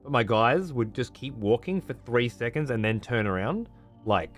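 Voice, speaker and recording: An Australian man chats on his stream, loose and profane, and he laughs often. His pitch swings widely as he talks. Faint music plays behind him. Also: expressive, moderate pace. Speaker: streamer host. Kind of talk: casual stream chat.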